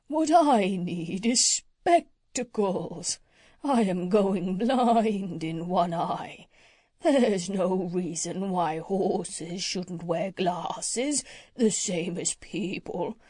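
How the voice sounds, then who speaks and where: A woman voicing a weary male plough horse who complains slowly and deliberately. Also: lowish voice, animated, a little mellow, husky, no room sound, clean studio sound, full character voice. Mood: grumbling.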